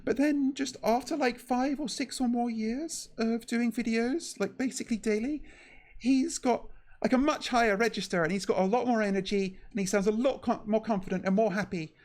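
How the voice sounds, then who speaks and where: A woman streaming casually as a VTuber, her voice slightly shaky, talking in a halting, nervous way full of fillers and restarts. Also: on the high side, a little mellow.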